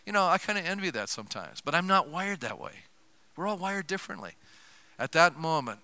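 A man's voice: sits high, very animated, a little fast, sharp tone, no echo. A male pastor preaching a sermon, telling a personal story with emotion and frequent asides.

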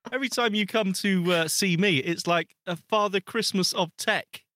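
A man's voice: high voice, normal speed, sharp tone, no room sound. A man co-hosting a podcast, ranting with exasperation and laughing often in casual chat. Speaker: podcast co-host.

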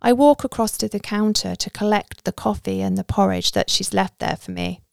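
A woman's voice: medium pitch, normal speed, creaky, darkish tone, no echo, clean studio sound. A woman narrating a story in a conversational first-person way.

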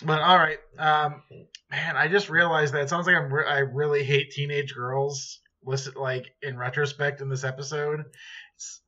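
A man's voice: fairly high pitch, little pitch movement, normal speed, bright, forceful tone, dull audio. A man cohosting a podcast in casual chat, joking and rambling and swearing now and then. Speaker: podcast co-host.

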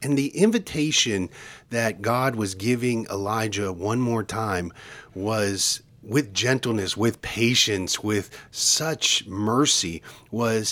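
A man co-hosting a devotional podcast, teaching in an earnest, preacherly way and slowing down for emphasis. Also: on the low side, pushed and bright. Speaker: podcast co-host.

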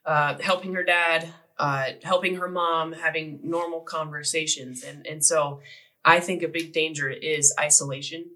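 Bright-toned man telling a halting story. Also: on the high side, fairly even intonation, poor audio. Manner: halting, with many fillers and restarts.

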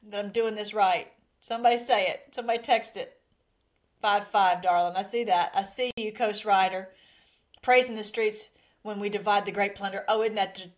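A woman hosting a casual live stream from her laptop, emotional and giggly as she greets her chat. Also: fairly high pitch. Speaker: livestream host. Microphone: laptop mic.

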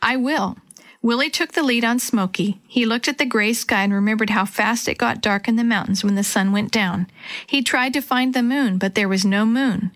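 A woman reading a children's storybook aloud in a gentle, even narration. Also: on the high side, normal speed.

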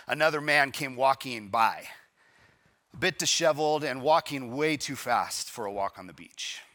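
A man preaching a live church sermon, telling a story and acting out its dialogue with lively emphasis. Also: medium pitch. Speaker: pastor.

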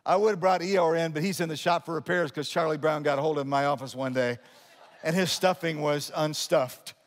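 A male pastor preaching a sermon in an animated way, jumping between loud emphatic lines and quiet asides, with humorous remarks to his congregation. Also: fairly high pitch, a little fast. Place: church sanctuary. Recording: long hall reverb of a church sanctuary.

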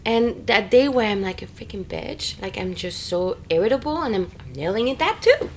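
A woman in a casual, expressive chat, full of fillers and quick laughter. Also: medium pitch, slight background noise. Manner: chatty and expressive, many fillers, frequent laughter.

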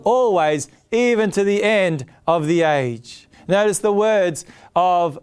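Earnest preacher man with a smooth voice. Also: high-pitched, lively intonation, slow, darkish tone. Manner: earnest, emphatic, repeats key phrases. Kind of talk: sermon.

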